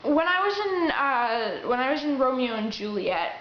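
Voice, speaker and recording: A woman's voice: high voice, sing-song, normal speed, slight background noise. A young woman talking to camera in a casual, chatty way with restarts, giving advice on acting. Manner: chatty, with restarts and acted-out quotes. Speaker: vlogger giving acting tips. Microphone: camera mic. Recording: roomy, dull lo-fi camera audio.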